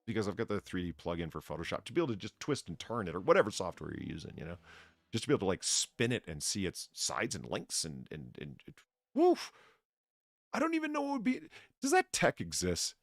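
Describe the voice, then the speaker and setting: A man's voice: deep voice, wildly swooping pitch, fast talker, creaky, no room sound, studio quality. A man hosting a stream, chatting casually and rambling through asides. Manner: laughs often, reads mockingly, rambling asides. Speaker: stream host. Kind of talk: casual chat, reading aloud.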